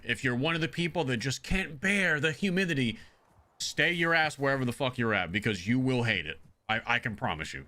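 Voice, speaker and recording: A man's voice: mid-range voice, sharp tone. A man originally from the Northeastern US chatting casually while streaming a game, blunt and profane and prone to rambling.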